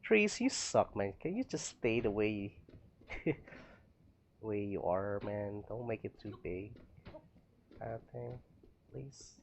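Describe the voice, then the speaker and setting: A man's voice: lowish voice, slow, pauses often, a little mellow, a little hiss or hum. A man streaming a building game, rambling to himself with frequent laughs as he plays. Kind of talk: casual gameplay commentary.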